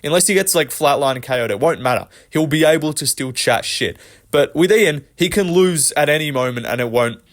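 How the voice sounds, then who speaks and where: A man's voice: on the high side, lively intonation, brisk. A young man hosting a commentary vlog, ranting with frequent swearing and exasperation. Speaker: MMA commentary channel host.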